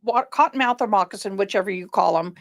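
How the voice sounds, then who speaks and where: A woman's voice: medium pitch, fast. A woman chatting on a video call from home, telling a story and acting out the people in it. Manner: animated storyteller who acts out quoted people. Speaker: live-stream co-host. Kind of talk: casual video chat. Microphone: video call webcam.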